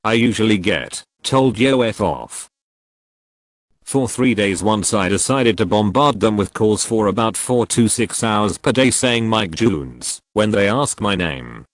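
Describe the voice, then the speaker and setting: A man's voice: fairly low pitch, expressive, measured pace, hardly any pauses, no echo. A man's voice, possibly computer-generated, reading online posts as a matter-of-fact narration and spelling out symbols and acronyms literally. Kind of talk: scripted narration.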